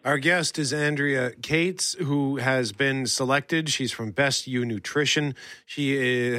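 Bright upbeat male co-host. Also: medium pitch, no echo, clean studio sound. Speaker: news show co-host. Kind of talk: broadcast interview.

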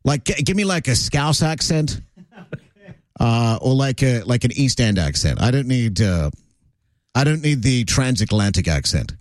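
A man hosting a radio show, chatting casually and joking with quick asides. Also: mid-range voice, big pitch swings, dry recording, studio quality. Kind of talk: casual on-air banter. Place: radio studio. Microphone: studio microphone.

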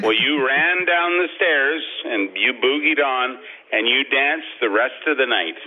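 A man calling in to a radio show, speaking with warm praise and many hesitant fillers. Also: medium pitch, measured pace. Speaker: caller. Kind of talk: phone call to a radio show. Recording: tinny phone line.

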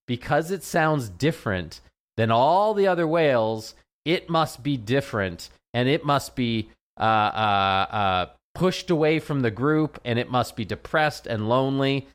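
A man's voice: mid-range voice, fairly bright tone. A man, a veterinarian, chatting casually on a radio show, rambling and often repeating his words. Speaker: veterinarian guest.

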